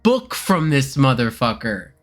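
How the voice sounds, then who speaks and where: A tabletop-game player chats casually, rambling and laughing between lines. The voice sits at a middle pitch. Faint music plays behind. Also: very animated, unhurried.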